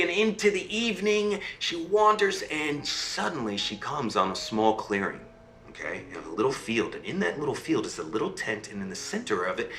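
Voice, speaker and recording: A man tells a fairy tale live, his voice bright and forward as it swoops high and low for drama. He checks in with his listeners as he goes. The room has a noticeable echo with faint music underneath. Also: a little hiss or hum. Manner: lively, dramatic swings in pitch, asks listeners "right?". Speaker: storyteller.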